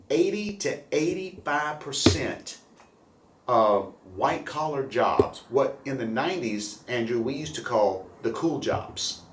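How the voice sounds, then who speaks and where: A man's voice: medium pitch, a little hiss or hum. A man hosting a local morning show, rambling and upbeat, often repeating words as he talks. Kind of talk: casual local news talk. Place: room at a chamber building. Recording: roomy echo.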